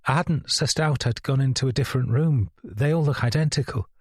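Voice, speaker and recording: A man's voice: medium pitch, a little fast, slightly rough, dry recording, clean studio sound, pitched above the performer's own voice, close to an everyday voice. A man voicing a flustered young woman who pleads through tears and keeps apologizing. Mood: tearful, pleading. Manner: pleading, teary.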